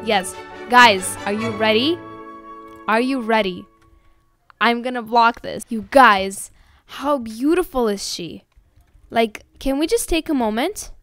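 A young woman giving casual gameplay commentary, excitable and gushing as she talks to her viewers. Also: a little high. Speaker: gaming video host.

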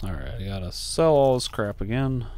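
A man's voice: fairly low pitch, animated, moderate pace, darkish tone. A man giving casual commentary while playing a video game, thinking aloud and musing as he goes. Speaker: let's play streamer.

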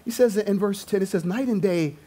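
In a church sanctuary, a male pastor with a high voice preaches a sermon to his congregation at a slightly fast pace. He is animated, acting out quoted lines in different voices as he goes.

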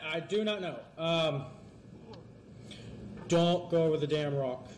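A man giving let's-play commentary, talking fast and excitably and pleading and yelling at the game. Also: on the high side, slight background noise. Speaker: gamer.

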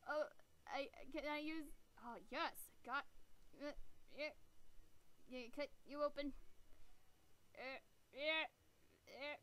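A teenage girl commenting on her gameplay, excitable and exasperated, with sarcastic remarks. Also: high-pitched, rough recording. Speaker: gamer. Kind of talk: let's play commentary.

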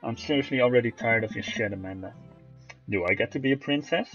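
A man's voice: mid-range voice, quick pace, fairly bright tone, highs cut off, faint music behind. A man streaming a game, chatting and teasing friends in casual commentary. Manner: joking, teasing banter.

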